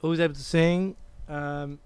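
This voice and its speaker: A man's voice: fairly high pitch, moderate pace, clear, resonant tone. A man in his thirties from England with a southern English accent, a guest chatting in an easy, hesitant way full of ums. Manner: relaxed, hesitant with many ums. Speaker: guest singer. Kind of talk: casual interview chat.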